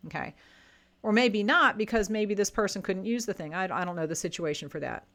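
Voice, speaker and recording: A woman's voice: mid-range voice, a little fast, fairly bright tone. Chatty woman giving seller advice. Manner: chatty, plainspoken, self-correcting. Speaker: online selling coach. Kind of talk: casual advice talk to camera.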